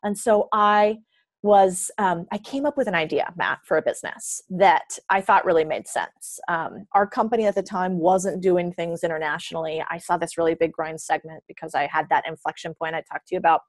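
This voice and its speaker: A young woman telling an animated story in a podcast interview, acting out the people she quotes. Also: on the low side, a little fast, no echo. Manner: animated, acts out quoted dialogue. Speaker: guest.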